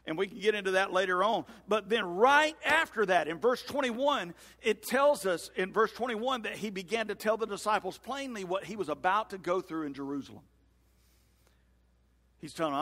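A male pastor preaching a sermon in a church sanctuary, acting out scripture dialogue with lively swings in voice. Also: high-pitched, normal speed. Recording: long hall reverb.

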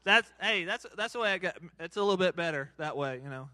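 In a church hall, a man hosts a live game for kids and a crowd, playful and hyped as he cheers countdowns and teases the players. His voice sits high and expressive, with a sharp tone and no echo, and he talks fast.

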